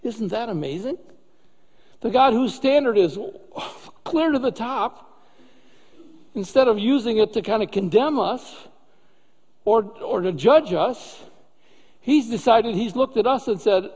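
A man's voice: high voice, animated, measured pace, pauses often, a little mellow, slightly rough, in a large hall. A man preaching a sermon as a pastor, talking in an easy, conversational way and often asking rhetorical questions.

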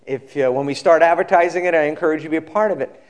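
A male pastor giving a sermon, telling a story in a relaxed conversational way and acting out the quoted people. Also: fairly high pitch, rapid-fire.

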